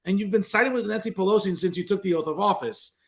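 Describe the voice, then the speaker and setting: Male talk show host, higher voice, animated and opinionated. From New Jersey. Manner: animated, opinionated, fast asides. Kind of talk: political talk show interview.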